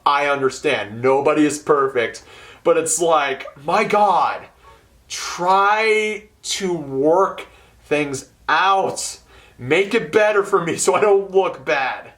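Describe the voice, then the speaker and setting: A young man telling a work story in a casual ranting vlog, swearing freely and swinging between mumbled asides and loud outbursts. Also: on the high side. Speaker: hotel event setup worker.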